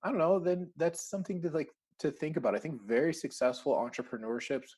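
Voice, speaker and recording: A man talking casually as an interview guest, lively, with lots of fillers and acted-out quotes. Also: on the high side, fast, slightly rough. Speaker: interview guest, recruiting firm founder.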